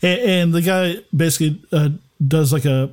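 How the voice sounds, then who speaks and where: A man running a tabletop game as game master, narrating in a halting way with many pauses. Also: on the high side, a little mellow, rough recording.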